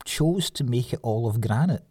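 A Scottish man hosting a podcast in casual chat, animated, swearing freely and laughing often. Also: medium pitch, moderate pace, slightly rough, no room sound, studio quality.

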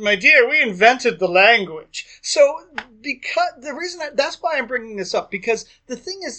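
A man co-hosting a podcast in casual chat, animated and enthusiastic, with quick asides. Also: high-pitched. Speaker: podcast co-host.

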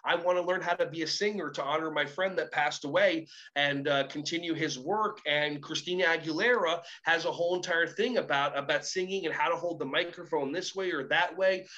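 A man speaking as a motivational coach, telling lively stories and acting out both sides of the conversations in them. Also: fairly high pitch, brisk, few pauses, highs cut off. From Israel. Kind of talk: animated storytelling talk.

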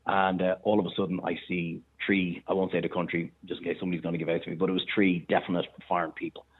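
An Irish man, a chef and restaurateur, telling animated anecdotes in casual chat. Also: low-pitched, slightly rough. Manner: animated anecdotes, quick bursts of laughter. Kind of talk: casual storytelling on a phone-in. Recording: tinny phone line.

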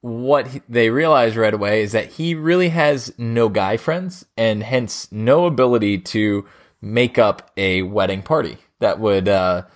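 A man's voice: lowish voice, measured pace. Giggly, hesitant male co-host. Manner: laughs often, hesitant with ums. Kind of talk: casual chat about films.

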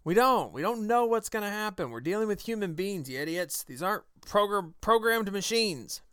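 A man's voice: sits high, very animated, normal speed, fairly bright tone, smooth, no echo, studio quality. A man hosting his own podcast, delivering a combative, sarcastic political commentary monologue. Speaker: podcast host.

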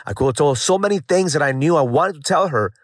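A man's voice: on the high side, lively intonation, fast, dry recording, clean studio sound. A middle-aged man, host of a daily motivational message, telling a personal story in an earnest, casual way and repeating phrases for emphasis. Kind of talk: casual spoken reflection.

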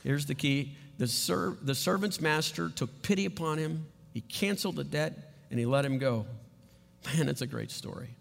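A man's voice: fairly high pitch, moderate pace, vocal fry. A man preaching a sermon as pastor in a conversational way, often checking in with his listeners. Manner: conversational, asks "right?" often. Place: church sanctuary. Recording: long hall reverb.

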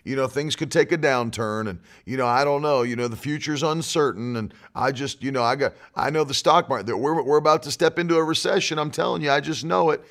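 A man's voice: medium pitch, brisk, hardly any pauses, fairly bright tone, lightly acted. A male pastor mimicking a fretful, doubtful man who mumbles worries about the future. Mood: worried mumbling. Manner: hesitant, mumbling, full of "you know".

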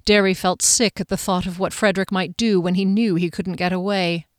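A woman narrating a fantasy audiobook in a measured storytelling manner. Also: lowish voice, level tone, dry recording. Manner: measured storytelling, voices each character. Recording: dry close studio sound.

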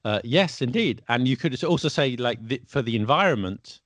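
A man hosting a casual podcast about the English language, an English teacher who asks questions in a playful, lively way. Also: medium pitch, moderate pace, no room sound. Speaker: podcast host. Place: Paris.

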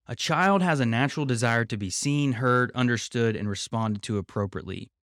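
A man hosting a podcast from home, talking things through in a calm, reflective, measured way. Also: medium pitch, no echo, clean studio sound. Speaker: podcast host. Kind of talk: explanatory podcast talk.

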